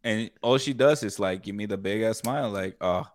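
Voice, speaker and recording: A man's voice: on the low side, a little fast, no echo, studio quality. A man co-hosting a podcast over a video call, talking casually with lots of fillers and frequent swearing. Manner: loose, swears a lot, filler-heavy. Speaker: podcast co-host.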